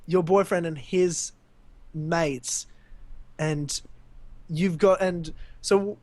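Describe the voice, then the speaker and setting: Australian man, young, high-pitched, dry recording, lively storyteller. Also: extremely slow, dry recording. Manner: animated storyteller, laughs often. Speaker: podcast co-host. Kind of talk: casual storytelling chat.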